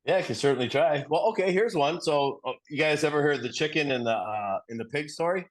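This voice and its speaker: A man's voice: on the high side, brisk. A middle-aged man sharing earnestly in a recovery study group, often repeating himself and restarting sentences as he tells a story.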